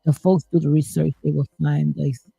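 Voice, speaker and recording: A woman's voice: sits low, level tone, brisk, creaky, dark tone, breathy edge, no room sound, soft background music. A woman hosting a live stream, reading viewer comments and answering in an emphatic, preachy way, full of folksy sayings and "honey.".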